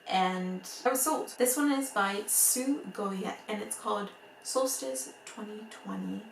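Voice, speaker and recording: A woman with a noticeable accent chatting to camera about books she bought, excitable and rambling, laughing often. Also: mid-range voice, moderate pace, gravelly, a little hiss or hum. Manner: rambling, full of "like" and restarts. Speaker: book vlogger. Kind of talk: casual chat to camera. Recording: roomy echo, mic at a distance.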